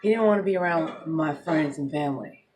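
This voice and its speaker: A woman in her thirties, a single mother, telling a personal story in a blunt, animated monologue with heavy swearing. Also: low-pitched, a little fast, noisy background.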